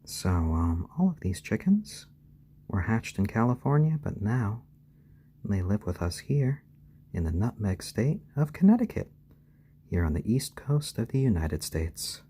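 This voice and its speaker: A man hosting a live stream, talking softly to his baby chicks in a low-key, soothing way and answering viewers' questions. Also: big pitch swings, a little slow, breathy edge. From born in Japan to British parents.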